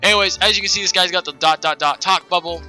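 A man's voice: sits high, fairly even intonation, fast, pushed and bright, soft background music, low-quality recording. A man giving casual let's play commentary, rambling and correcting himself as he chats. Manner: rambling, self-correcting, chatty.

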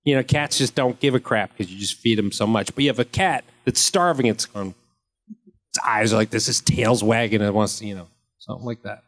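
A man's voice: fairly low pitch, brisk. A man in his fifties, an actor at a convention panel, answering fan questions with rambling, joking anecdotes.

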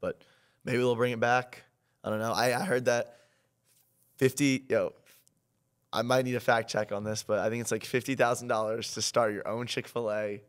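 A man's voice: medium pitch, steady tone, normal speed. A teenage boy co-hosting a student podcast in casual chat, rambling with lots of fillers and restarts. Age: teens. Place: town hall studio.

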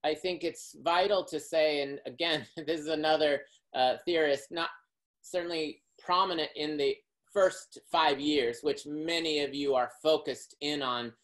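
A man's voice: a little high, steady tone, a little slow, fairly bright tone, rough recording. A man presenting a workshop, lecturing in long, winding, academic sentences.

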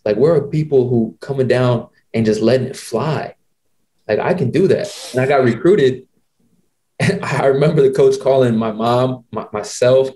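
A man in his twenties with a dark, mellow voice hosts a podcast and tells a long story in a casual way. He talks in an animated, slangy manner. He keeps quoting himself and others as he goes. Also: mid-range voice. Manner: animated, slangy, quotes people in his stories. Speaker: podcast host.

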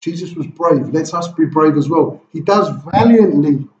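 A male pastor preaches with passion in a church hall, firing one rhetorical question after another. His voice sits a little high for a man. He is caught from across a roomy, echoing space on a dull recording. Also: normal speed, a little mellow, slight background noise. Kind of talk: sermon. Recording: echoey, distant, dull room recording.

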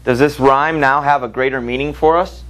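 A man's voice: medium pitch, steady tone, normal speed, a bit bright, low-quality recording. A male teacher giving a literature lecture, reading passages aloud and asking the class rhetorical questions in a conversational way.

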